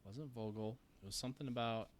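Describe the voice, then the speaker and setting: A man's voice: mid-range voice, quick pace, a little hiss or hum. A man with a Minnesotan accent, co-hosting a casual podcast, rambling with plenty of ums and restarts. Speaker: podcast co-host. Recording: quiet, dry close-mic audio.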